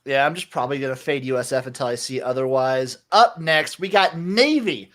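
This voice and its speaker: A man's voice: mid-range voice, a little fast, a bit bright. A man co-hosting a casual sports podcast, laid-back and opinionated as he talks through college football picks. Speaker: podcast co-host. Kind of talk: casual sports betting chat.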